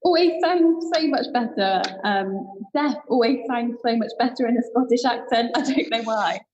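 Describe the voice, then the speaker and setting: A woman's voice: a little high, normal speed, darkish tone, muffled recording. A woman co-hosting an online quiz, cheerful and teasing in easy, casual banter. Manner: cheerful, teasing, laughs often. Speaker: quiz co-host.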